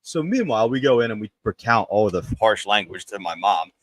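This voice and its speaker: A man from Memphis tells a story on a podcast with a low voice. He talks casually and with energy, and gets loud when he quotes people. The sound is dry and close. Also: fairly quick, no echo, rough recording. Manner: animated, shouts when quoting others. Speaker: podcast co-host.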